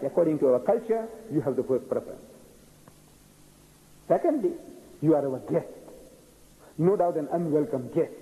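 Animated male storyteller in an echoey hall. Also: on the high side. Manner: animated storyteller, acts out dialogue. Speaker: lecturer on comparative religion. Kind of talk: public lecture with storytelling.

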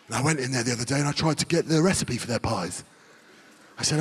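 A man performing a live stand-up set on a large theatre stage into a stage mic, telling stories in a loud, exclamatory way. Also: mid-range voice, racing. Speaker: stand-up comedian. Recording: live theatre crowd and noise.

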